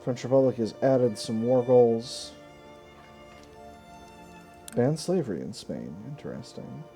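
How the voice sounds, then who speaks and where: A man commentating his own strategy game session in a relaxed, mellow voice of middling pitch. He muses out loud, corrects himself mid-sentence and drops casual asides. Soft game music plays quietly behind him. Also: slow. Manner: thinks aloud, casual asides and self-corrections. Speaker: gaming video host.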